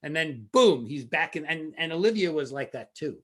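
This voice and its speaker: A man's voice: fairly high pitch, expressive, normal speed. Man in his sixties telling stories. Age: 60s. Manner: anecdotal, acts out quoted dialogue. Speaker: film director, guest. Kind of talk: relaxed interview storytelling.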